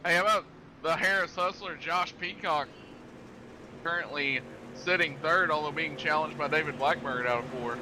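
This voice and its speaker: A man calls the starting lineup and race action in a rapid announcer's delivery. His voice runs high. Clear engine and track noise is heard behind him.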